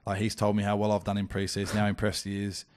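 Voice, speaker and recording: Australian man, low-pitched voice, flat and even delivery, casual blunt storytelling, slangy. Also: fast talker. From Australia (Wollongong). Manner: laid-back and blunt, swears freely, slangy. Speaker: podcast guest, rugby league player.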